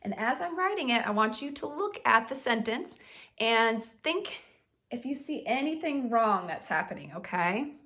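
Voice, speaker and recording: A woman's voice: fairly high pitch, lively intonation, normal speed, pushed and bright. Woman teacher, patient, sing-song, talks to little kids, writing lesson.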